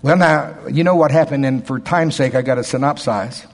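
A man preaching a sermon in a folksy, emphatic way, dropping to quiet asides and rising to loud, shouted passages. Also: medium pitch, normal speed. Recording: long hall reverb.

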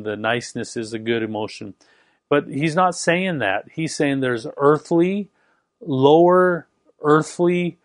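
Give me a man preaching fast and emphatically, with a dry, close sound. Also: fairly high pitch, no room sound. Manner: fast, emphatic, repeats and restarts words. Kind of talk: sermon.

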